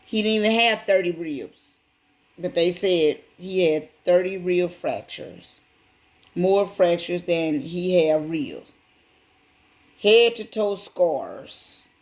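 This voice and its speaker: A woman hosts her own channel and talks straight to her viewers in a casual, emphatic way, often calling them y'all. Her voice sits low and she takes her time, repeating the key points slowly. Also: animated, a little mellow. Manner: addresses viewers directly as y'all. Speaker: channel host. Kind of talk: casual true-crime retelling to viewers.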